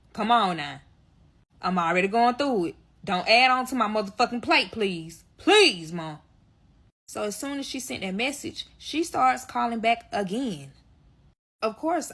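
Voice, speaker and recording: A woman with a husky, breathy edge in her voice tells a wild personal story straight to her viewers. Her tone is bright and sharp, and her pitch sits a little high. She swears freely and piles on dramatic emphasis. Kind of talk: storytime vlog.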